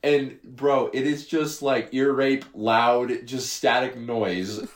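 A man's voice: medium pitch, fairly even intonation, slow, roomy sound, background noise. A young man co-hosting a podcast, recapping a movie in laid-back slang and acting out the characters' lines. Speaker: podcast co-host. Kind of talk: casual movie recap chat.

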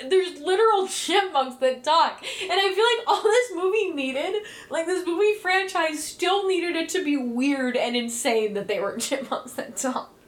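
A woman co-hosting a podcast with a high, bright-toned voice. She riffs in casual movie-review chat. Her delivery is animated and incredulous, and "like" fillers run through her talk. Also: a little slow. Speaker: podcast co-host.

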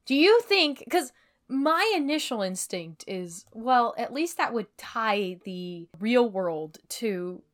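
A woman's voice: a little high, lively intonation, takes it slowly. A woman co-hosting a casual podcast, talking in a chatty, analytical way and laughing easily. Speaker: podcast co-host. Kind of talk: casual chat.

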